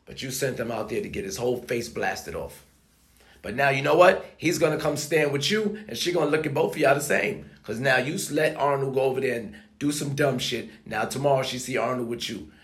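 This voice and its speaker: A man's voice: mid-range voice, a little fast. A man giving a profane, preachy motivational rant, talking emphatically and swearing often. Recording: echoey room.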